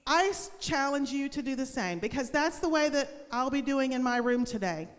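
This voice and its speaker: A woman's voice: high-pitched, expressive, normal speed, in a large hall. A woman teacher giving a cheerful, encouraging devotional lesson and prayer to schoolchildren. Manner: upbeat, encouraging, talks to children.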